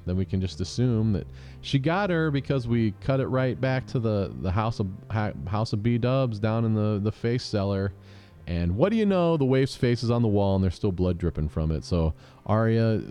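A man's voice: sits low, warm tone. A man casually recapping television episodes, rambling and joking, often restarting his sentences. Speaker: show host recapping episodes. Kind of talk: casual recap with mock quoted voices.

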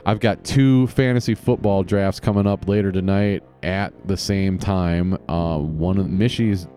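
A man's voice: sits low, fairly even intonation, unhurried, mellow, soft background music. A man hosting a casual solo podcast, rambling, often restarting his sentences and swearing casually. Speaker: podcast host.

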